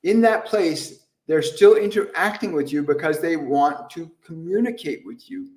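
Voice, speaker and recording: A man's voice: on the high side, lively intonation, moderate pace, a little mellow, reverberant, far from the mic. A man hosting a live question-and-answer stream as a medium, earnest and grateful, repeating himself and laughing often. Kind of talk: livestream talk.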